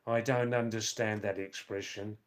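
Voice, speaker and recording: A man hosting a live stream, reading out viewers' chat comments and answering them in a slow, rambling way with dry teasing asides. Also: lowish voice, steady tone. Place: Nepal or India.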